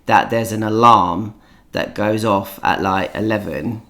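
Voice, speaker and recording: A man's voice: on the low side, unhurried, fairly bright tone. A man hosting a podcast in a casual chat, leading the talk in a chatty, teasing way. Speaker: podcast host.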